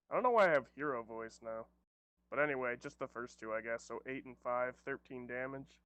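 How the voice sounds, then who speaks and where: A man's voice: mid-range voice, fairly quick, bright, forceful tone, no room sound. Easygoing man at a game table. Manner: easygoing, jokey, laughs often. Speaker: player. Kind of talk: casual chat while playing a tabletop game.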